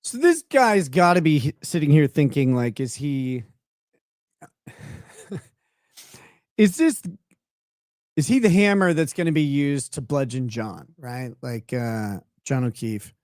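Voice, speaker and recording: A man's voice: mid-range voice, slow pace, pauses often, no echo, studio quality. A man giving sarcastic live commentary on a court trial as host of his stream. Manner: animated, sarcastic, mocking.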